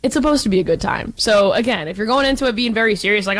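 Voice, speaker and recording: A woman's voice: a little high, expressive, fast talker. Female sports co-host, emphatic and upbeat, chatty delivery. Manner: enthusiastic, emphatic. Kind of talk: casual sports talk.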